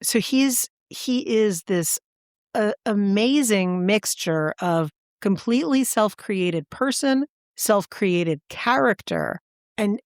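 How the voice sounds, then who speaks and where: A woman with a lowish voice tells a story in casual chat, eager and animated. She jumps up in pitch to stress her words. The recording is dry and close. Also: no room sound. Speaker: podcast co-host.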